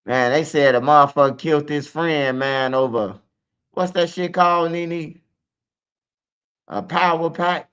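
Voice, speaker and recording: A man's voice: fairly high pitch, measured pace, a bit bright, clean tone, lo-fi sound. A man with a Chicago accent telling his story in casual, profane street slang, full of "man" and "bro".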